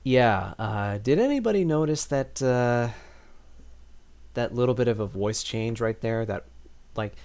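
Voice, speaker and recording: A man streaming a video game, chatting casually and thinking out loud as he plays, often restarting his sentences. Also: mid-range voice, animated, a little slow. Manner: chatty, rambling, thinks aloud with many restarts. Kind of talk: casual livestream commentary.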